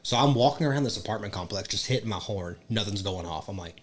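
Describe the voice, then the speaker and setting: A man's voice: lowish voice, fast, a little hiss or hum. A young man hosting a casual podcast, telling a rowdy story with lots of swearing and laughter. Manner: profane, laughing, excitable storyteller. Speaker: podcast host.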